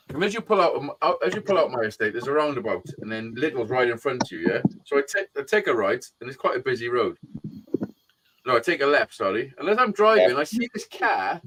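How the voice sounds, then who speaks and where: A man's voice: mid-range voice, noisy background. A man hosting a live stream, telling stories in casual, swearing banter over a video call. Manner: swearing, animated storytelling.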